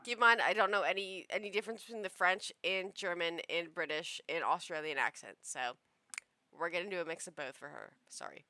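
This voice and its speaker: A woman's voice: lowish voice, brisk, sharp tone, no echo. A woman streamer giving casual let's-play commentary, with joking asides while she plays. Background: game music.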